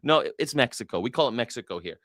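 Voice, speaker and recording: A man's voice: medium pitch, lively intonation, quick pace, fairly bright tone, no room sound, clean studio sound. An American man hosting a casual news commentary livestream, sarcastic and profane, laughing at his own jokes.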